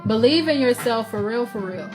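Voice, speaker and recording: A woman's voice: on the high side, expressive, normal speed. A woman with a Southern US accent giving a loose, conversational tarot reading, full of fillers and restarts. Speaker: tarot reader. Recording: music playing under voice.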